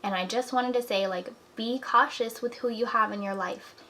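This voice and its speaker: Heavy background noise competes with a woman's higher-pitched voice, delivered at a moderate pace. She's a young vlogger in her twenties, speaking earnestly to camera in her apartment and giving encouraging life advice casually, with lots of "like" and "you know."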